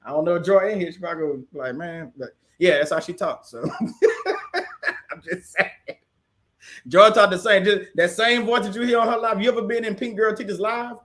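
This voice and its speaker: A man's voice: sits high, fast, hardly any pauses, a bit bright. A man from the casually hosting a livestream, chatting with viewers and answering their comments, often laughing. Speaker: livestream host.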